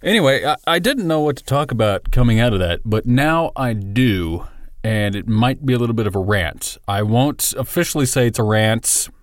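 A man's voice: medium pitch, lively intonation, moderate pace, no room sound. Solo podcast host, man, casual, profane, self-mocking, dry close sound. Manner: rambling, profane, self-deprecating.

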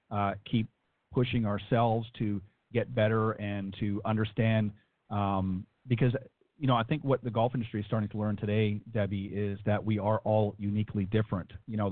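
A man's voice: on the low side, no echo. A man co-hosting a radio show, asking a guest questions in a hesitant way with many fillers. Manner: hesitant, searching for words. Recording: dry, tinny phone line.

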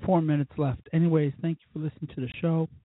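A man hosting his own show, telling rambling, profane stories in a casual drunken way, with sudden loud bursts. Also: on the high side, fairly even intonation, quick pace, dry recording, narrow, tinny audio. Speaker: podcast host.

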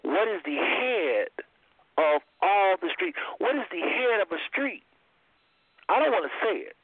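A man hosting a call-in show who teaches from the Bible, preaching emphatically and swinging his voice high and low. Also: very animated, measured pace, no echo. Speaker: host. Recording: tinny phone line.

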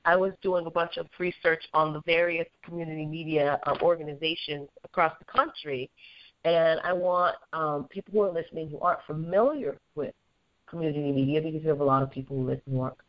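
A woman's voice: low-pitched, fairly even intonation, a little fast, no echo. Chatty Southern woman hosting an interview. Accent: Southern US mixed with Upper Midwest. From Southern US, Georgia. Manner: chatty and self-deprecating, with many fillers. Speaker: podcast host. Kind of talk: casual interview. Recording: muffled lo-fi recording.

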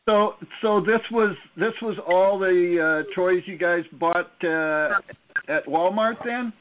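A man co-hosting a casual call-in show, asking questions with hesitant pauses. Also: high voice. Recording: tinny phone-line audio with faint noise.

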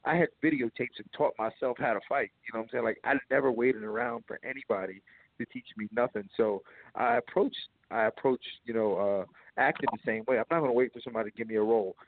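A man talking as an interview guest, rambling and animated, laughing often. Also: medium pitch, quick pace, gravelly. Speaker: guest, former fighter and actor. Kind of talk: casual phone interview. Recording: tinny phone line, dry.

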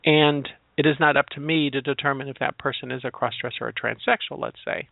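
Gravelly man on a tinny line. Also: mid-range voice, fairly even intonation, a little fast, no room sound. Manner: searching, explanatory, leans on personal examples. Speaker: transgender educator. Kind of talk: spoken reflection on labels. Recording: tinny, dry phone-line sound.

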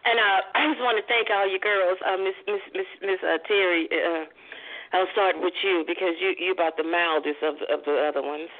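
A woman turning sixty, co-hosting a casual chat show and rambling through birthday shout-outs, laughing often and restarting her sentences. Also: lowish voice, steady tone, fairly quick. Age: 60s. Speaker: co-host. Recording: tinny phone line.

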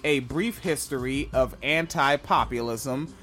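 A man's voice: medium pitch, measured pace, a bit bright, soft background music. A man in his thirties hosting a podcast book club in casual chat, joking, profane and rambling. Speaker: podcast host.

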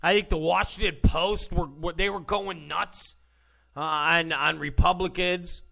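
A man's voice: a little high, steady tone, measured pace, gravelly, pushed and bright. A man hosting ranting political commentary, sarcastic and mocking, who mimics opponents in exaggerated voices.

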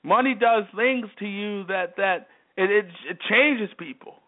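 A high-pitched man speaking unhurriedly hosts a sports talk show, heard through tinny phone-line sound. His commentary is emphatic and worked up, a repetitive monologue that keeps pounding the same phrases.

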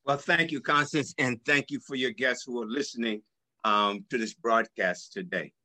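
A man in his seventies, a health practitioner, is a guest on a radio interview and tells his story with hesitant fillers. His mid-range voice is pushed and bright, with fairly even intonation at a normal speed.

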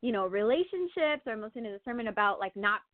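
Woman, casual testimony, animated and laughing, thin phone-line sound. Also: a little high, fast, dry recording. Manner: animated, laughing, lots of fillers. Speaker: guest sharing testimony. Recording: tinny phone-like line, dry.

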